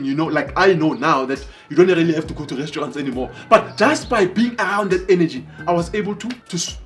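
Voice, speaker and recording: A man telling motivational stories in an animated way, breaking into excited exclamations. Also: a little high. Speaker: motivational speaker. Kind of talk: motivational storytelling.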